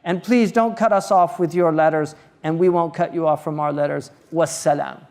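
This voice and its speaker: A man's voice: on the high side, fairly even intonation, a little mellow. Lecturing man in a reverberant hall. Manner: reads Arabic text quickly, then translates and explains in English; halting, with many fillers and restarts. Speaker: Islamic scholar lecturing. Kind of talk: religious lecture.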